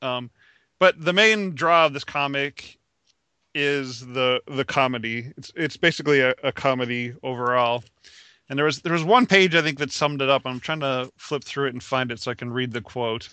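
Guy chatting about comics, clean dry mic, bright sound, laughs a lot. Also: mid-range voice, moderate pace, clean tone, no room sound. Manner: laughs while reading quotes aloud. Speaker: podcast co-host reviewing comics. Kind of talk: casual chat.

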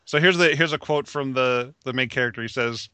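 A man's voice: mid-range voice, brisk, sharp tone, smooth, no echo, muffled recording. A man co-hosting a casual podcast chat about comics, often laughing as he reads quotes aloud. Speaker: podcast co-host reviewing comics.

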